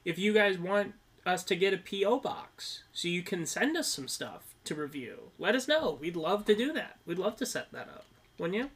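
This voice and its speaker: A man from Minnesota co-hosting a film podcast in casual chat, excitable and laughing often. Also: high-pitched, moderate pace, husky. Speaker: podcast co-host.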